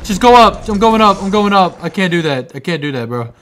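A young man giving excitable let's-play commentary, swearing, laughing and talking back to the game as he plays. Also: sits high, fairly quick. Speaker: gamer playing through a video game.

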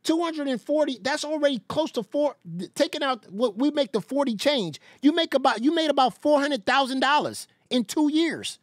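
Stream host, incredulous mocking rant, very animated delivery, dry close mic. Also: high-pitched, normal speed, few pauses, no echo. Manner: mocking, laughing often, incredulous. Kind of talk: ranting reaction-stream commentary.

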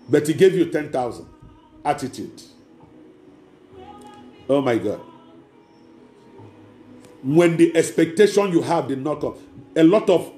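A man's voice: a little high, dark tone, echoey room. A man, preaching a sermon as pastor, emphatic and repetitive, speaking straight to the congregation.

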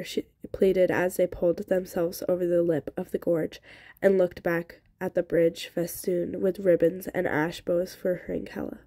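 A woman's voice: lowish voice, little pitch movement, a little slow, mellow, no echo. A woman reading a novel aloud in a plain way, often stumbling over words and restarting. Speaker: audiobook reader.

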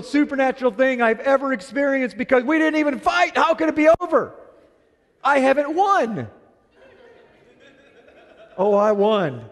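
A middle-aged male pastor preaching a sermon, telling a story with animated delivery and acting out both sides of a quarrel. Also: extremely high pitch. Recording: long hall reverb.

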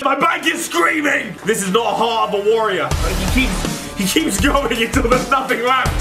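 A young man reacting loudly and excitably as a video host, with swearing outbursts. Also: extremely high pitch. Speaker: YouTuber host. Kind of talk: pack opening reaction commentary.

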